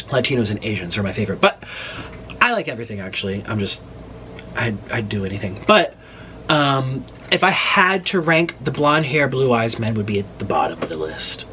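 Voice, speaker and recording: A man in his late twenties chatting to camera as a mukbang host, telling a story in an animated, rambling way and breaking off mid-sentence. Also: mid-range voice, slight background noise. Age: late 20s. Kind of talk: casual storytelling chat to camera.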